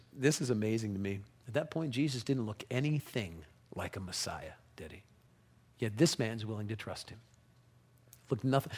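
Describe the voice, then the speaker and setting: A pastor preaching a sermon, telling the story with animation and reading scripture passages aloud. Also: male voice, mid-range voice.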